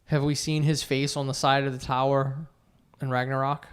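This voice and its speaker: A man's voice: mid-range voice, little pitch movement, moderate pace, a bit bright, clean tone. A man co-hosting a podcast, chatty and opinionated, with lots of fillers. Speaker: podcast co-host. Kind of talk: casual chat.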